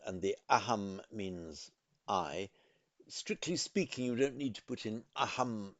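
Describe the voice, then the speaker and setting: Slow, methodical older-sounding male teacher. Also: on the low side, no echo, highs cut off. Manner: careful, methodical, pausing to correct himself. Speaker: Sanskrit teacher. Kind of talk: explanatory lesson.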